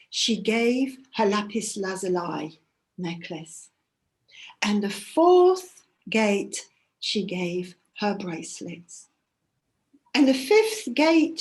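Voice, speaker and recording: A woman storyteller telling a myth aloud at a workshop, dramatic, moving between hushed and loud. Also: mid-range voice, big pitch swings, very slow.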